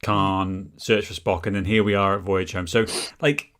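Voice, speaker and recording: A man co-hosting a casual film podcast, defending his view with excited, stumbling restarts. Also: low voice, moderate pace. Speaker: podcast co-host. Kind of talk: casual chat.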